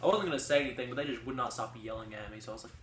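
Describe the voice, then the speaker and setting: Talking rapid-fire in a mid-range voice, a young man co-hosting a podcast rambles through chatty, casual stories stuffed with fillers and likes. A distant mic gives a roomy sound with faint hiss.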